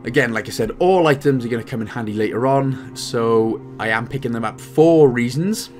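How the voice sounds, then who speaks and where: A man's voice: medium pitch, moderate pace, soft background music. A man with a Welsh accent giving playful, joking commentary as host of a game walkthrough. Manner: jokey, playful, animated.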